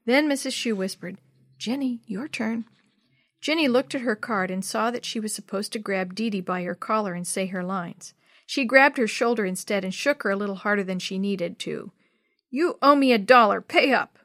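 A woman's voice: mid-range voice, brisk, a bit bright, dry recording. Give me a woman narrating a children's story aloud, with a dry close sound. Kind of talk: reading a children's chapter book aloud.

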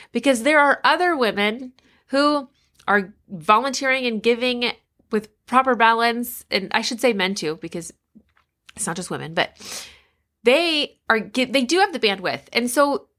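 Bright, candid woman podcast host. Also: a little high, lively intonation, normal speed. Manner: candid, conversational, emphatic. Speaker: podcast host and life coach. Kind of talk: casual podcast monologue.

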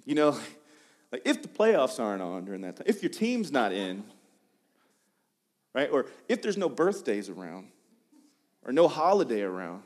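Animated man preaching a sermon. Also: medium pitch, normal speed, pauses often. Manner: animated, conversational preaching with frequent restarts. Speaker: pastor.

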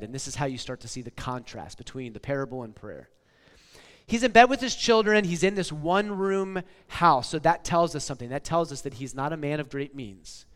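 A man in his forties preaching a casual, conversational sermon, often checking in with "okay?" and "like.". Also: a little high. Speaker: pastor. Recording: long hall reverb.

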